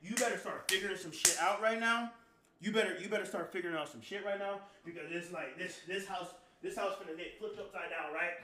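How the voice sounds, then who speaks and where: A man live streaming, telling a story to his chat in a profane, slang-heavy, rambling way that flares into shouting. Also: high-pitched, brisk, roomy sound, background noise.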